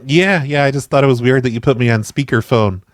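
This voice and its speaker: A man, host of a prank call show, talking to apartment staff in a persistent, deadpan way while feigning offense. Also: medium pitch, fairly quick, a little hiss or hum.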